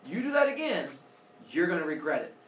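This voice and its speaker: A man voicing an easily offended sky-father god, with an exaggerated, shouting cartoonish delivery. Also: a little high, big pitch swings, a little fast. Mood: outraged. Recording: roomy, distant mic, faint noise.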